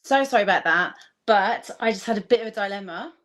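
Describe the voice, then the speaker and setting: A woman's voice: mid-range voice, lively intonation, fast. A middle-aged woman co-hosting a live show, rambling and self-deprecating. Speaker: co-host. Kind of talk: casual live-stream chat.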